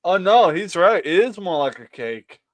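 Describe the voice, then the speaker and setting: A young man in casual group chat, animated and quick to laugh, swearing now and then. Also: high voice, dry recording.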